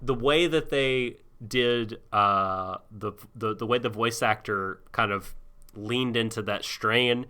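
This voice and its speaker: A man's voice: medium pitch, takes it slowly, sharp tone. A man co-hosting a podcast, discussing anime in a rambling, hesitant way with many restarts. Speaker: podcast co-host.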